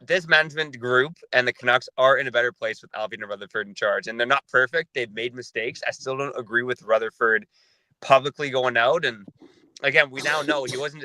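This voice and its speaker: A man hosting a sports podcast, talking in a measured, analytical way. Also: medium pitch, bright, forceful tone, no room sound, low-quality recording. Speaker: podcast host.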